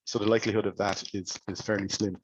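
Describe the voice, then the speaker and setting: A man's voice: fairly low pitch, level tone, fast, dull audio, slight background noise. A man presenting cybersecurity advice to business owners, speaking conversationally and asking many rhetorical questions.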